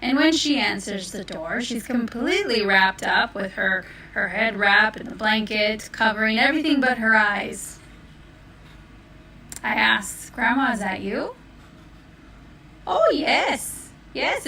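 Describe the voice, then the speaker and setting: Slow, playful woman storyteller. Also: medium pitch, bright, forceful tone, a little hiss or hum. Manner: playful, unhurried. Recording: roomy, distant mic.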